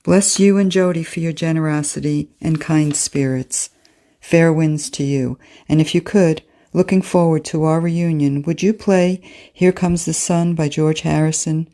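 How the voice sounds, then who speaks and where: A woman reading a listener's heartfelt letter aloud, measured and earnest. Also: low-pitched, fairly even intonation, dark tone. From United States. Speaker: listener message reader.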